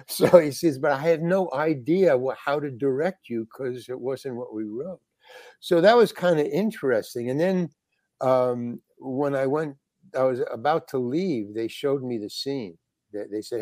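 A man's voice: medium pitch, a little mellow, no room sound. Older man telling a rambling story. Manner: rambling, halting, many restarts and fillers. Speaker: interview guest, actor. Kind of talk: casual storytelling.

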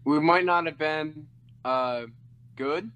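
A man's voice: on the high side, slow, a bit bright, clear, resonant tone, low-quality recording. A man guesting on a casual podcast, easygoing, answering in short replies. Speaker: band member guest.

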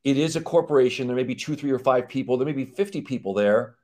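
A man's voice: mid-range voice, fast, mellow. A man speaking as a company chief on a live stream, explaining rules in an emphatic way and acting out the back-and-forth of clients and lawyers. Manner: emphatic, acts out quoted exchanges. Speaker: guest, company CEO.

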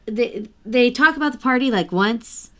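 A woman's voice: on the high side, animated, moderate pace, bright, forceful tone. A woman co-hosting a podcast in casual book chat, blunt, swearing and laughing. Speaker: podcast co-host.

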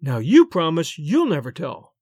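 A man's voice: on the high side, wildly swooping pitch, a little slow, a little mellow, slightly rough, dry recording, studio quality, heavily acted. A man voicing a young wife telling a secret in a gossipy, confiding way.

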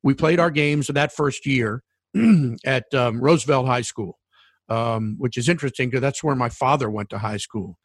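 A middle-aged man tells a sports story with real enthusiasm, stumbling over restarts as he gets excited. His voice sits close and dry, with no room sound around it. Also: medium pitch, moderate pace, dry recording. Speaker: sports broadcaster and former referee. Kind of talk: casual storytelling conversation.

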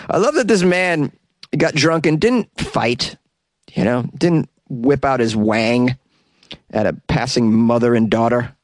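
A man's voice: medium pitch, slow, long pauses, no room sound. A man with a New England accent hosting a comedy news podcast, joking and rambling with frequent laughs. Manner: jokey, rambling, laughs often.

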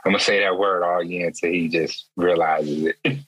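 A young man in casual podcast banter, quick to laugh and loose with slang. His voice sits low but comes across bright and a little husky. The sound is close and dry. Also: fairly even intonation, no room sound, low-quality recording. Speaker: podcast guest.

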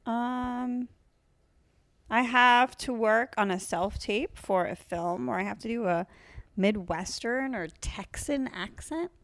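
A woman's voice: a little high, slow pace, fairly bright tone, dry recording. A woman co-hosting a casual podcast, teasing and blunt, swearing freely. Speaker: podcast co-host. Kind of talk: casual chat.

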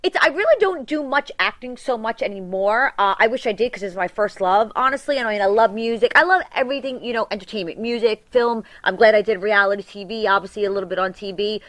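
A woman's voice: medium pitch, quick pace, few pauses, fairly bright tone, no echo. A woman with a New York accent, chatting as an interview guest in a brassy way, acting out quotes with big jumps in her voice. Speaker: guest, reality TV personality. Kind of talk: casual interview chat.

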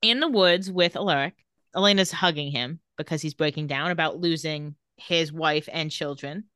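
A woman co-hosting a laid-back recap podcast, walking through each scene and reading quotes without much colour. Her voice sits a little low. The sound is dry and close, with no room around it. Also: normal speed, clean tone, no echo. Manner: retells scenes and reads quotes in a flat voice. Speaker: podcast co-host. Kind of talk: casual recap chat.

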